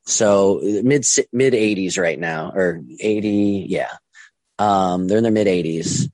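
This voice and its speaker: A young man telling his own story casually, halting with many ums and restarts and acting out what others said. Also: low-pitched, darkish tone, dry recording. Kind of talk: casual first-person storytelling.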